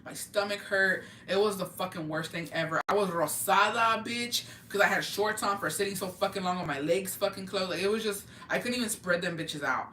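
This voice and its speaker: A woman's voice: medium pitch, a little fast, hardly any pauses, sharp tone, slight background noise. A woman telling a casual storytime vlog, blunt and heavy on swearing, dropping Spanish words into her talk. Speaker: vlogger. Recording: echoey room, mic at a distance.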